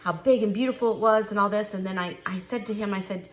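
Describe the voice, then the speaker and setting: A woman's voice: medium pitch, fast, hardly any pauses. A middle-aged woman chatting candidly to camera, emphatic and given to repeating herself. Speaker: vlogger. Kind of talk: casual chat to camera.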